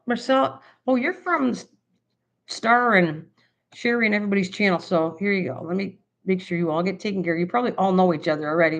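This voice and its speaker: Older woman chatting on a live stream. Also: medium pitch. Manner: chatty, thinks aloud while writing, effusively thanks viewers. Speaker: livestream host. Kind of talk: casual live stream chat. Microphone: computer streaming setup.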